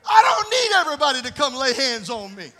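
Brief: high, bright male pastor, blunt and scolding, preaching in a reverberant church hall. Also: big pitch swings, fast. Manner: blunt and scolding, swinging to shouting. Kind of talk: sermon.

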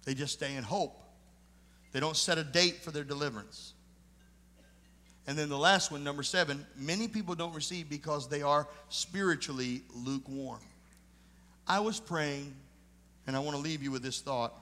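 A male pastor delivers a sermon with personal testimony, moving between emphatic points and hushed asides. His voice sits a little high for a man. The long reverb of a church sanctuary trails each line. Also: moderate pace, pauses often. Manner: earnest storytelling preacher, emphatic and then hushed.

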